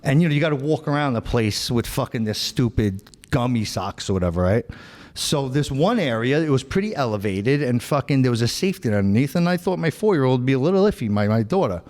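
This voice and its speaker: Ny guy hosting his show, swears a lot, keeps saying right and bro, mid pitch, big hall reverb. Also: expressive, quick pace, a little mellow. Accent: New York. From New York. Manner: profane, rambling storytelling with lots of "right?" and "bro". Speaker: podcast host. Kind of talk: casual chat.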